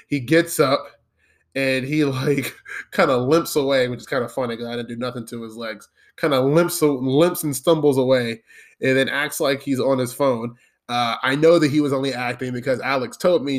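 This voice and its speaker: A man's voice: medium pitch, normal speed. A man telling a funny story in a casual, profane way, laughing often and acting out the other people's lines. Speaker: podcast host telling a story.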